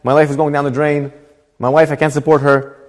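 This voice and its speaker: A man voicing a desperate, broke man who pleads and grows excited as the story goes on. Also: a little high, a little fast, in a large hall, lightly acted. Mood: despairing. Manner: pleading, rising to excited near-shouting.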